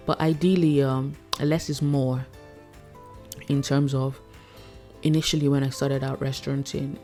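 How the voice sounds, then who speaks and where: Chatty woman chef giving biz tips, gravelly dark voice, laughs a lot, faint music behind. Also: very deep voice. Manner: chatty, laughs often, acts out customers. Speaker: chef and food business coach. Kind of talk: casual teaching talk.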